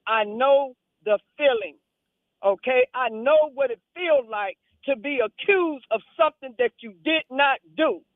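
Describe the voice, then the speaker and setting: A woman's voice: high voice, a little slow, no echo. A woman calling into a radio show, speaking passionately and emphatically, repeating phrases for weight. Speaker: caller. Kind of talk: call-in radio talk. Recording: tinny phone line.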